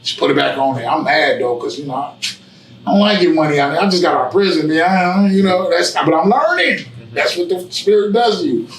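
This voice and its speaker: A man's voice: fairly high pitch, animated, a little fast, slight background noise. A man as an interview guest in a barbershop, telling a casual story in a rambling, repetitive way with profanity and frequent "you know what I'm saying.". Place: barbershop, indoors. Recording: echoey room, mic at a distance.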